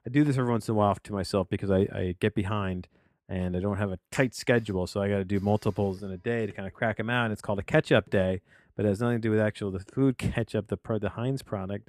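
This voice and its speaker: A man hosts a casual film-review podcast from a home office studio, wandering off into tangents and restarting his sentences. His voice sits a bit low, and the recording is dry and close. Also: quick pace, darkish tone, dry recording. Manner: rambling, full of tangents and restarts.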